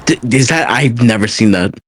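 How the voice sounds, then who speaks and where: Animated young man, lively pitch. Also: moderate pace. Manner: animated, swearing, excitable. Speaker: podcast co-host. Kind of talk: casual chat.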